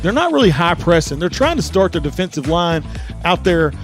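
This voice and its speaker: A man's voice: sits high, big pitch swings, a little fast, soft background music. A man giving sports commentary from a stadium press box, out of breath, talking with eager, rambling enthusiasm and frequent restarts. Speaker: color commentator.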